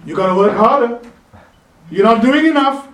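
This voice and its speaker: A man's voice: very high voice, animated, normal speed, fairly bright tone, roomy sound, recorded from a distance. A man voicing his own nagging inner voice, scolding and insistent about working harder. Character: nagging inner voice demanding more work.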